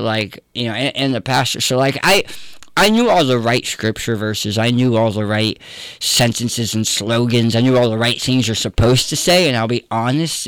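A pastor telling a personal story in an interview, candid and earnest. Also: male voice, medium pitch, fairly bright tone, no echo. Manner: candid, earnest, conversational with fillers.

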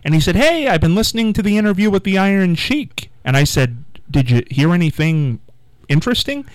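A man's voice: high voice, sing-song, a little fast, no echo, low-quality recording. A male interviewer asking about past moments and retelling a story animatedly, chuckling as he goes. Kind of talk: conversational interview.

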